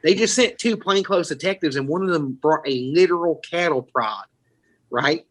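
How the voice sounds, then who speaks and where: A man's voice: a little high, moderate pace, fairly bright tone, poor audio. A man from Florida, a podcast host telling rambling, profane stories in casual chat. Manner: rambling, profane, laughing storyteller.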